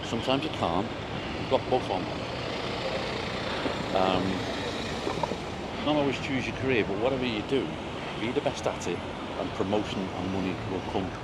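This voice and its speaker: Deep-voiced man with a mild Liverpool accent. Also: normal speed, pauses often. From Liverpool, England. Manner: chatty storyteller, warm anecdotes. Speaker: vlog host. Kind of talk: casual chat while walking. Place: outdoors on a town street. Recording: outdoor street noise.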